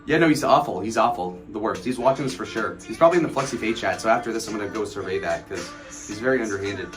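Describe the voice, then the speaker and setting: A man's voice: fairly low pitch, fast talker, music in the background. A man in his twenties chatting on a late-night livestream, rambling, swearing and mocking people while he answers chat. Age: 20s. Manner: rambling, profane, mocking storytelling; reads and answers chat messages aloud.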